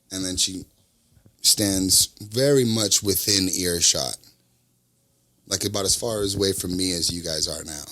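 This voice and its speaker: A young man telling a work story on a casual podcast, animated and acting out the people in it. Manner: animated, acts out customers in high voices. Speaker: podcast co-host.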